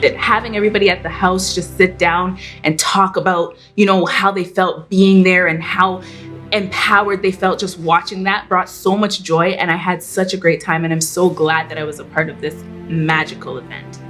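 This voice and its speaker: A woman's voice: lowish voice, fairly even intonation, moderate pace, fairly bright tone, soft background music. A woman speaking joyfully about a happy gathering. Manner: joyful, gushing.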